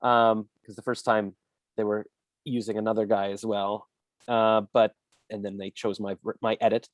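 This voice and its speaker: A man's voice: lowish voice, flat delivery, normal speed, no room sound. A man hosting an interview, rambling and jokey, often correcting himself mid-sentence. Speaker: podcast host. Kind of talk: casual interview chat.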